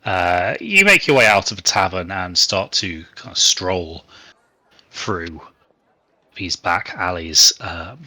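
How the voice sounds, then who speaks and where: Bright-voiced man narrating as game master. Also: low voice, slow, dry recording. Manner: relaxed, rambling narration with many fillers.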